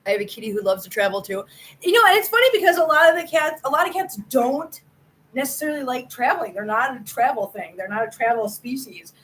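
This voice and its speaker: A woman's voice: sits high, expressive, fast, a bit bright, poor audio. A woman hosting a casual livestream, chatting with her viewers by name, laughing often and repeating herself for emphasis. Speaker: host of a cat channel.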